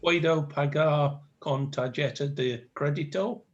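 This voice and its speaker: Bloke learning spanish, bit unsure, slightly high voice, muffled sound. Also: male voice, unhurried. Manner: self-deprecating, chuckles, hesitant. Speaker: adult student. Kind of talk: reading practice lines in a lesson.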